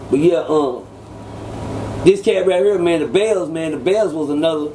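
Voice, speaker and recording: A man telling old street stories as an interview guest, animated and acting out quoted voices. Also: normal speed, slight background noise. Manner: animated, acts out quoted voices with sudden pitch jumps. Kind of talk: casual storytelling.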